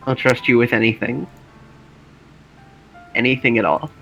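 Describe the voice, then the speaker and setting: A fragile teenage girl pours out her feelings in halting, trembling lines, as a man reads her. The voice is bright and forward, with an everyday pitch and a slightly lifted delivery. It is a fan reading of a visual novel. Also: steady tone, vocal fry, lo-fi sound, soft background music. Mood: heartbroken. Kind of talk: voice-acted game reading.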